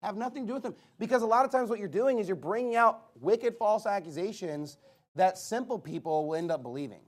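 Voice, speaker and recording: A man's voice: high-pitched, expressive, fairly quick. A man preaching a sermon, emphatic and repetitive, sometimes mimicking arguments mockingly.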